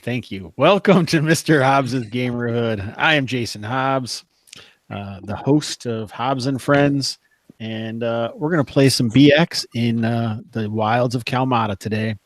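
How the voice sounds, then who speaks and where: A man's voice: medium pitch, measured pace, no room sound. A man hosting and running a tabletop role-playing game as game master, upbeat and laughing often.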